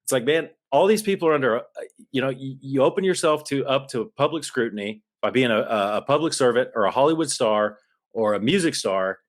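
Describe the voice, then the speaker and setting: A man's voice: mid-range voice, fairly quick. A man co-hosting a podcast, ranting in a heated, worked-up way into a studio mic. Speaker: podcast co-host. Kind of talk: political podcast rant.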